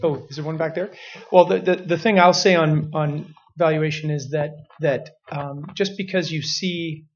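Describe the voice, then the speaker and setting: A man's voice: on the high side, steady tone. A man on a conference panel explaining a point, with frequent fillers. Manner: measured, filler-heavy explaining. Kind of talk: panel discussion. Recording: muffled lo-fi with faint noise.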